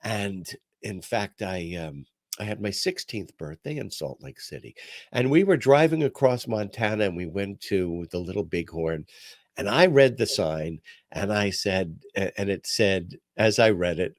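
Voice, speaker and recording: A man's voice: on the low side, a little slow, dry recording, clean studio sound. An older man hosting a podcast, telling stories in a casual, self-deprecating chat. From New York. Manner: storytelling, animated and self-deprecating. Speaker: podcast host.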